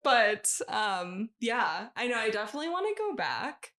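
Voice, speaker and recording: A woman's voice: fairly high pitch, very animated, normal speed, fairly bright tone. A woman co-hosting a podcast, reading a ghost story in a loose, chatty way and often breaking into laughter. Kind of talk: casual podcast chat, reading a written story.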